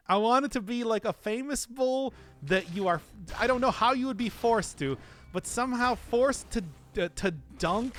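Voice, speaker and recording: A man with a Midwestern accent, from the American Midwest, streams a game and offers casual, rambling commentary punctuated by giggles and frequent laughter. His voice sits high and sounds a bit bright.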